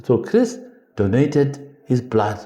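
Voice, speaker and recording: Older man, mellow and roomy. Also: mid-range voice, very animated. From South Africa. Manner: earnest, measured, slows for emphasis. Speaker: interview guest, veteran politician. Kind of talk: reflective storytelling in a podcast interview.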